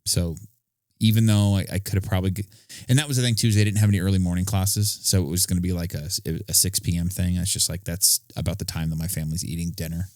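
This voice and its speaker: A man with a lowish voice co-hosts a casual podcast. He rambles through long stories, packed with fillers and the odd curse word. The sound is dry, with no room around him. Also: steady tone, fast, darkish tone, no room sound. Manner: rambling, profane storytelling with fillers. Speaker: podcast co-host.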